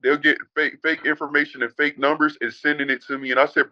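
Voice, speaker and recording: Talking fast and barely pausing, this slightly high-voiced man keeps a level tone as he recounts his experience as a former student in an emotional call interview. He is blunt and heated, cursing and addressing the host as "bro." The recording is muffled, with no room sound.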